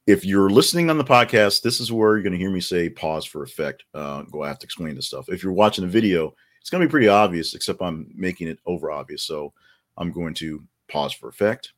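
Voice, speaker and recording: Low-voiced rambling male news host. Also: animated, fast talker. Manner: rambling, many fillers, joking asides. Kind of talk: casual news commentary.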